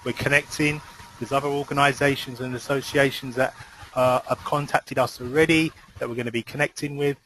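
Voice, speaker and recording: A man's voice: mid-range voice, fairly even intonation, brisk, slight background noise, rough recording. British guy hosting a call, lots of ums, kinda hesitant, mid voice. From United Kingdom. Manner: warm thanks, many ums, hesitant. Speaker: host of the call.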